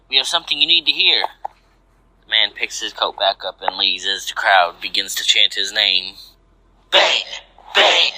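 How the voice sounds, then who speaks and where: A man narrating a fanfiction story aloud in a steady, measured way. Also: fairly low pitch, no room sound, poor audio.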